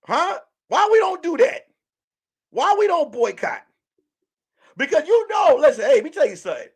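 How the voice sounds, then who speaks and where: A man's voice: extremely high pitch, big pitch swings, moderate pace. A man hosting a casual livestream commentary, joking and acting out quotes in mock voices. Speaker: livestream host.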